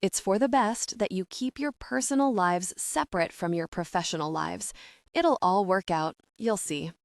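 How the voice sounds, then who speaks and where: Woman voicing a gentle, reassuring mother. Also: medium pitch, moderate pace, creaky, no echo, clean studio sound, lightly acted. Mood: tender reassurance. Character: affectionate, soothing middle-aged mother.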